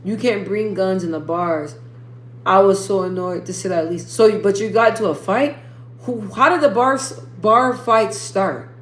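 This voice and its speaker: A young woman hosting a casual livestream, reading viewer comments and rambling in slangy asides. She lifts her speaking voice above her natural lower register. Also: moderate pace, roomy sound. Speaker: livestream host.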